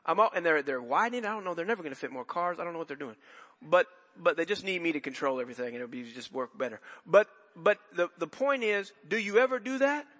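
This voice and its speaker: A man's voice: a little high, lively intonation, quick pace, pushed and bright, in a large hall. A man preaching a sermon in a church, talking in a loose conversational way with many restarts and asides. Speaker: pastor. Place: church sanctuary.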